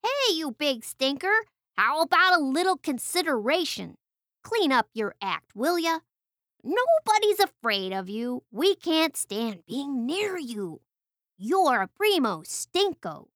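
Lady doing a high squawky storybook birdie, sassy and bossy, quick lively voice. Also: no echo, clean studio sound, heavily acted. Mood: scolding. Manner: scolding, brash. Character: sassy fed-up little female bird.

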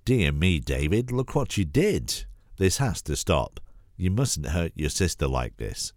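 A kindly old grandmother speaks in a soothing, motherly voice, put on by a man with a cold. She fusses gently and turns firm when scolding, recorded dry and close. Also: big pitch swings, unhurried, no echo. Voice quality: cold-roughened deep voice.

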